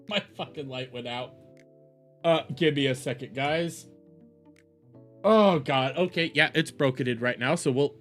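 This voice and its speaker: A woman hosting a livestream, ranting in an exasperated, animated way with heavy swearing, on a desk mic at home. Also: extremely low pitch, measured pace, long pauses. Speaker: livestream commentary host. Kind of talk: casual livestream rant. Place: home streaming room. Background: faint background music.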